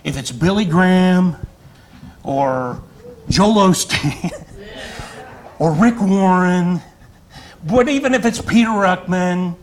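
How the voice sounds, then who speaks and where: A male pastor preaching a sermon to his congregation in a fiery, conversational way with chatty asides. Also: high-pitched. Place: church sanctuary.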